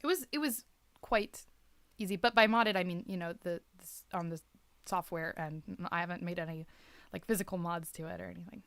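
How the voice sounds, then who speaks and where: A woman's voice: lowish voice, brisk, gravelly, a bit bright, dry recording. A young woman streaming live and chatting casually with viewers. She rambles, fills her talk with "like" and often restarts her sentences. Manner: rambling, heavy use of "like", frequent restarts.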